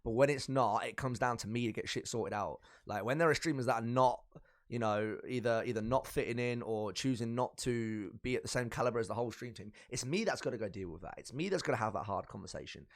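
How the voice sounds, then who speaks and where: A man with a British accent, casually interviewing a guest as a stream team lead, excitable and swearing freely. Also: medium pitch, fast talker. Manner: animated, hype, swears freely.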